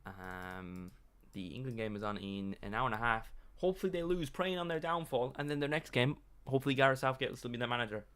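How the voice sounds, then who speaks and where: A man's voice: medium pitch, fast, hardly any pauses, a bit bright, clean tone. A man streaming live, reacting and rambling in a joking, self-mocking way. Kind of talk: casual live-stream commentary.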